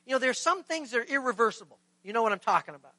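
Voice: mid-range voice, rapid-fire, no echo, poor audio. A pastor preaching a sermon in a conversational way, asking the congregation rhetorical questions and acting out scripture dialogue. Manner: acts out scripture dialogue in lively voices.

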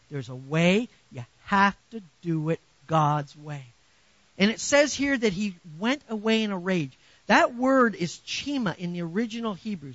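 A middle-aged male pastor preaching a sermon, animated and swinging from quiet asides to loud emphasis. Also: high-pitched, no room sound, muffled recording.

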